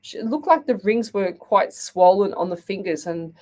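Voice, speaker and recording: A woman's voice: medium pitch, expressive, moderate pace, darkish tone. An Australian woman hosting a live psychic reading show, chatting to listeners and often checking in with "okay?". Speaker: psychic medium radio host.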